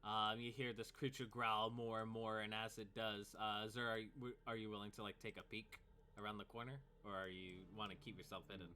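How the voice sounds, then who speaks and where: A man's voice: lowish voice, level tone, fairly quick, bright, forceful tone, a little hiss or hum. A man narrating as game master of a tabletop game, talking loosely with many fillers. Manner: loose, filler-heavy narration with acted cultist outbursts.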